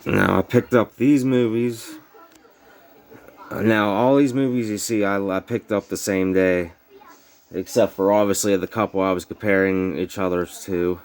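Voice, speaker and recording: Man, deep monotone, laid-back collector vlog, slight slur, lots of ums. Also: measured pace. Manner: rambling, filler-heavy, informal grammar. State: snuff in mouth slurring words. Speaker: VHS collector vlogger. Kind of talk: casual show-and-tell. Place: home bedroom.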